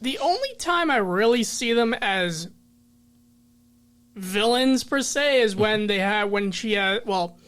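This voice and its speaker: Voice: mid-range voice, lively intonation, slow pace, fairly bright tone. A guest on a movie podcast with a mid-range voice talks in a loose, rambling way. They restart sentences often and slip into acted-out quotes from scenes. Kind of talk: casual movie discussion.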